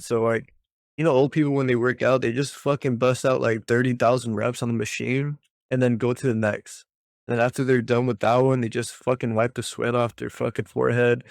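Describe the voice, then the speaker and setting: A man's voice: medium pitch, gravelly, no room sound, clean studio sound. A young man ranting casually about a workout split, profane and exasperated, full of slang. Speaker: fitness vlogger.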